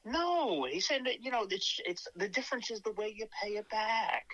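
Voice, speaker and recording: A man co-hosting a comedy podcast, teasing and provoking with deadpan crude jokes. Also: high-pitched, moderate pace, dry recording, rough recording. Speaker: podcast co-host. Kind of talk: comedic casual chat.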